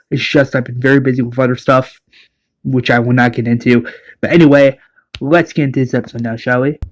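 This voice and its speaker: A man casually narrating a recap of his own fan-made series. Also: medium pitch. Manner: casual, loose, filler-heavy.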